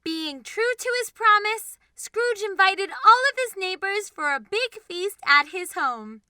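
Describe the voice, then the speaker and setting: A woman narrating a bedtime storybook, slow and clear. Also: very high-pitched, expressive, sharp tone, no echo.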